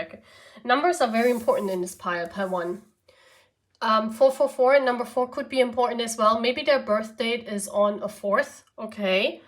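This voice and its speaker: A woman's voice: medium pitch, a bit bright. A woman with a German accent, German as her first language, giving a chatty pick-a-card tarot reading to her viewers. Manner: chatty, often adds "okay?" and "yeah?". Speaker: tarot reader.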